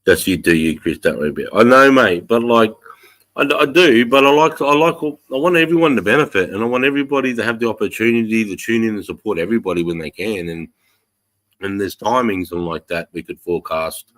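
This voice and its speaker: A man's voice: fairly low pitch, lively intonation, a little fast, fairly bright tone. An Australian man hosting a casual livestream chat, ranting with heavy swearing. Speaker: livestream host.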